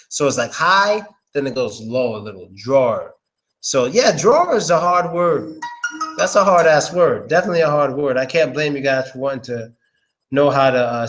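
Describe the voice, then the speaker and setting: Man, slightly high voice, casual teacher, repeats words slowly, swears a bit. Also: fairly bright tone. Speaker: English pronunciation teacher. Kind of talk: casual live-stream lesson.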